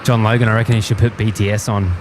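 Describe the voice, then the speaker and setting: Over a noisy background, an Australian man talks very fast in a fairly low voice with little pitch movement. He's live streaming from a plane-spotting spot by an airport, casually greeting viewers, rambling, and chuckling often.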